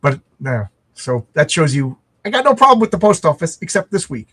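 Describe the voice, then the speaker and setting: Very animated and brisk, this middle-aged American podcast co-host has a slightly high, somewhat bright, husky voice. Talking casually over a video call, he rambles and keeps starting over.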